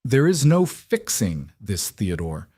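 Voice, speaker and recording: A man reading the lines of a cold, composed young royal woman in a flat, measured tone. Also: lowish voice, no room sound, clean studio sound, exaggerated voice.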